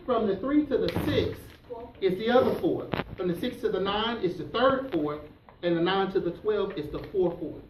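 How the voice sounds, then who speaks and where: Guy teacher doing storytime for his class, silly and lively, quizzing the kids, recorded from across an echoey classroom with a noisy hiss. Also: high voice, moderate pace. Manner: animated, playful, stops to quiz the listeners. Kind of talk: reading a storybook aloud to a class. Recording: echoey classroom from far off, with noise.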